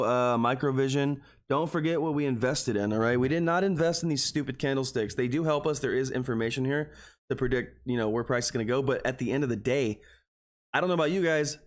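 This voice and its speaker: A man from Texas hosting a live trading stream, talking casually and earnestly to his viewers. He rambles and keeps calling them "guys". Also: medium pitch. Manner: earnest and openly emotional. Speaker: stock trading livestreamer.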